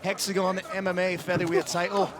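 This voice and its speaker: A man's voice: high-pitched, level tone, brisk. A man giving live fight commentary, breaking down technique and tactics as the action unfolds. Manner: analytical, explains technique and tactics. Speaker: MMA commentator. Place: open-air arena event. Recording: loud arena crowd behind.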